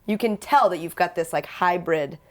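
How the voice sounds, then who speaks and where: A woman's voice: fairly low pitch, moderate pace. A woman hosting a podcast, interviewing a guest in a playful, teasing way. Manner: playful, teasing, with lively quoted voices. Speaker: podcast host. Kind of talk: casual interview.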